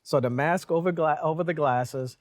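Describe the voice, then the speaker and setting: A man's voice: on the high side, moderate pace, no room sound. A middle-aged man, a company president, chatting casually on camera with dry, self-mocking humor. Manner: dry humor, laughs at himself.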